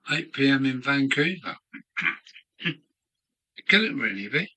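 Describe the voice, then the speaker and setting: Slow, bright-voiced older Englishman musing. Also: mid-range voice, big pitch swings, low-quality recording. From England. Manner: musing aloud to himself, unhurried. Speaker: model railway streamer. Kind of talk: rambling live-stream chat. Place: home hobby room.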